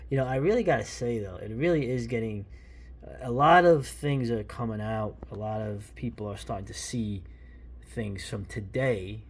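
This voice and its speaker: Gravelly-voiced man rambling about comics. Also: mid-range voice, moderate pace. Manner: rambling, opinionated, many restarts and asides. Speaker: comic book reviewer. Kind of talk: casual commentary while flipping through a comic.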